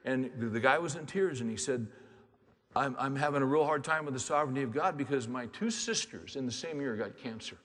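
A male pastor preaching a sermon in a large hall where his voice rings with a long reverb. He sinks into soft, hushed asides, then climbs into loud, fervent exhortation. His pitch sits in an ordinary middle range for a man. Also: a little fast.

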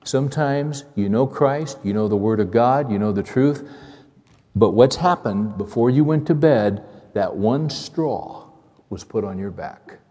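A male pastor preaching a sermon in a conversational, animated way, repeating phrases and asking the congregation questions. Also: mid-range voice, measured pace. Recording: long hall reverb.

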